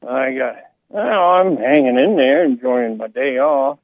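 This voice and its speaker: A man's voice: medium pitch, unhurried, dry recording. A male caller on a phone line, laid-back and blunt in a casual chat.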